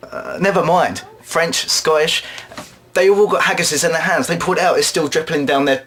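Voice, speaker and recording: A man performing an absurd comic monologue, rambling along in a deadpan way and now and then putting on quick voices. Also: on the high side. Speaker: drama student performer.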